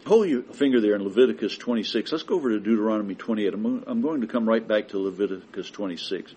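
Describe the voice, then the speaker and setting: A man preaching a sermon with emphatic delivery that builds to forceful declarations. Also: fairly low pitch, fast, slightly rough, poor audio.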